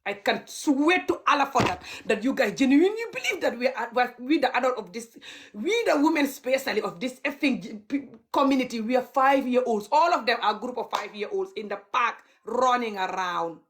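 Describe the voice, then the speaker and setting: A woman's voice: a little high, expressive, a little fast, few pauses. A young adult woman, ranting heatedly and mockingly on a livestream as a vlogger. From Gambia. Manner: heated, mocking, laughs bitterly. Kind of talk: livestream rant.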